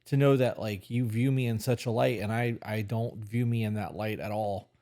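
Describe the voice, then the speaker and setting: A man co-hosting a podcast in casual chat. He speaks in a reflective, halting way and often restarts mid-sentence as he searches for words. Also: lowish voice, warm tone. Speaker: podcast co-host.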